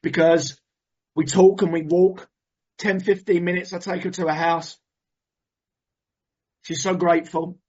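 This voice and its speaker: A husky-voiced man shares his recovery story with animated, emotional storytelling and the odd swear word. The recording sounds muffled and lo-fi, as if captured on modest gear. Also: high voice, a little slow, long pauses. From England. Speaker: recovery meeting speaker.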